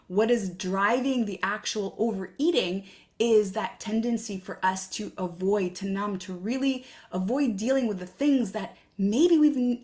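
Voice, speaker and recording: A woman's voice: mid-range voice, darkish tone. A woman hosting her own podcast, talking earnestly and coaching listeners with reflective questions. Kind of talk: solo podcast talk.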